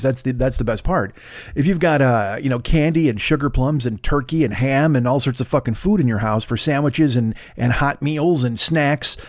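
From his Los Angeles apartment, a man hosts a podcast in a medium-pitched voice, recorded at studio quality with no echo. He delivers a casual, rambling comedic monologue full of profane, animated rants.

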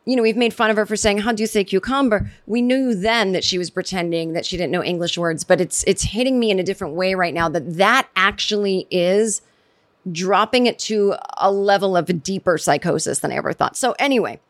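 A middle-aged American woman hosts her own podcast, offering casual solo commentary that's rambling, animated, and full of sarcastic asides. Her voice is mid-range and fairly quick.

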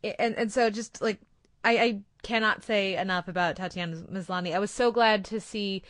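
An enthusiastic woman praising a TV performance in a casual review chat, her voice recorded dry and close. She pauses and restarts as she searches for the right words. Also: mid-range voice, steady tone, a bit bright, no room sound. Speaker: podcast co-host.

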